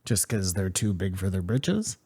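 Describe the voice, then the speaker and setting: A man in a casual podcast chat, talking quietly and briefly with low-key remarks. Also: very animated, normal speed, slightly rough.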